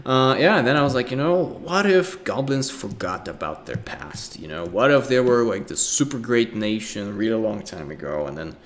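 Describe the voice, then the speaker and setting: A man's voice: fairly low pitch, expressive, normal speed, few pauses. A young man giving a casual art lecture, talking loosely with many fillers and breaking into acted voices and sound effects.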